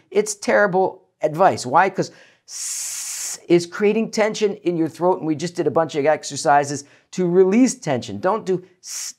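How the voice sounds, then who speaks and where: An energetic male voice coach leads a warm-up lesson, his pitch swinging widely as he explains and demonstrates. He talks straight to his listener with an encouraging, hands-on manner. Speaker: voice coach and keynote speaker. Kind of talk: instructional talk to camera.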